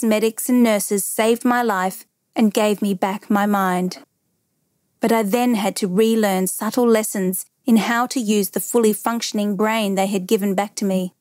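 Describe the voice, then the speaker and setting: A woman's voice: medium pitch, darkish tone, dry recording. Woman narrating a memoir, dry close sound. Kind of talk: scripted first-person memoir reading.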